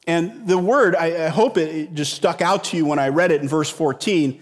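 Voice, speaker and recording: Middle-aged male pastor, chatty sermon, fairly high voice, long hall reverb. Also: expressive, moderate pace. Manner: conversational, repeats words, asks rhetorical questions.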